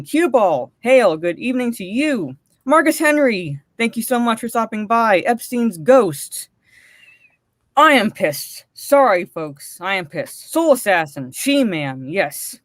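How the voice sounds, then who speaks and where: A woman's voice: mid-range voice, very animated, measured pace, no room sound. A woman co-hosting a live stream, ranting and cursing, then greeting viewers in the chat one by one.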